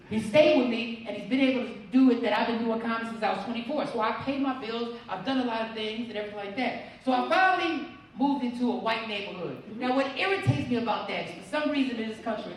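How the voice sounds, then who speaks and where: High-voiced man doing stand-up, echoey. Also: quick pace. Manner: animated, slangy, acts out voices in his stories. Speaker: stand-up comedian. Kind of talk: stand-up comedy storytelling. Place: live event hall. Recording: echoey room from far off with loud crowd.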